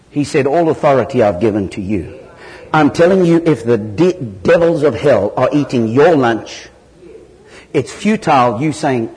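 A man from southern Africa preaching a sermon, telling stories with lively jumps in pitch. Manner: animated storytelling with sudden loud jumps in pitch. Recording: hall reverb.

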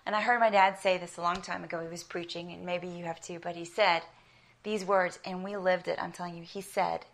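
A slightly fast, fairly even-toned woman with a lower voice preaches a heartfelt sermon grounded in her own stories. She is middle-aged, from South Africa, and has an American accent, speaking earnestly and with emphasis.

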